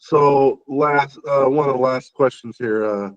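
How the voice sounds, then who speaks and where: A man hosting a podcast, asking halting questions and giving short replies. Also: mid-range voice, no room sound, dull audio. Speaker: podcast host. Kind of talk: interview.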